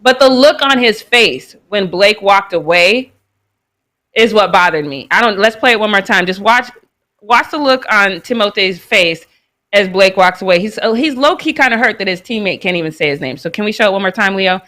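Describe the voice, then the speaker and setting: Bright-voiced woman hosting a chatty sports show. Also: medium pitch, lively intonation, normal speed. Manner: chatty, reacting to clips with frequent laughter. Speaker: host. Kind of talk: casual commentary on sports news.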